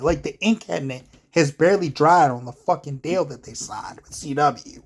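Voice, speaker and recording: Speaking at normal speed in a slightly high, husky voice, a man vents to the camera about wrestling. His commentary is casual, profane and meandering, full of exasperation and filler words.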